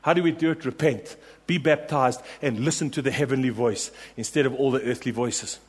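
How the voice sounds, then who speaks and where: Impassioned preacher in a reverberant hall. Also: male voice, medium pitch, steady tone, fairly quick, husky. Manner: emphatic, repetitive, rallying the congregation. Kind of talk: sermon. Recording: long reverb of a large hall.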